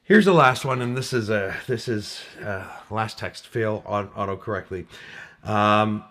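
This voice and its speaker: A man's voice: lowish voice, unhurried, a bit bright. A Canadian man co-hosting a podcast, reading funny text messages aloud in casual chat and chuckling often. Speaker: podcast co-host.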